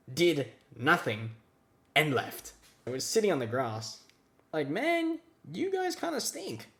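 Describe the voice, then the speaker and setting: Young male storyteller, sarcastic, exasperated, pitch leaps all over. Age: young adult. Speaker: vlogger. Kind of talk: storytime rant.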